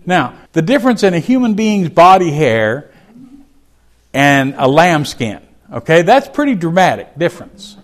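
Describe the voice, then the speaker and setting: A man teaching a Bible chapter, reading verses aloud and explaining them in a folksy, conversational way. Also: a little high. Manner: reads scripture aloud, then explains it in a folksy aside.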